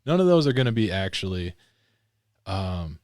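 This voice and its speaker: A man's voice: low voice, moderate pace, no echo, clean studio sound. A man from Michigan, a podcast guest, chatting and joking. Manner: animated, joking. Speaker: podcast guest, foster parent. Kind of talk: casual chat.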